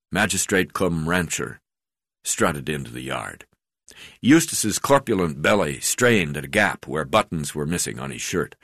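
Deep voiced guy reading his memoir, lots of uh's, dead dry sound. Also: fairly bright tone, no room sound. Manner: halting, with frequent hesitations. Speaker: memoir narrator.

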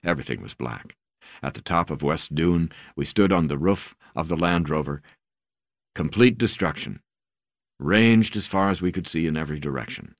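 A man reading a memoir aloud as an audiobook narrator, in a measured, deliberate way. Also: extremely low pitch, dry recording, clean studio sound.

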